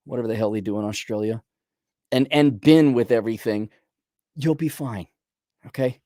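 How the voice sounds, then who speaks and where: A man's voice: medium pitch, normal speed, long pauses, mellow, dry recording. A man hosts a casual rant, answering a viewer's letter in a blunt, profane way. He rambles and restarts often, with a mid-range voice. The sound is dry and close. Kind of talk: casual ranting commentary.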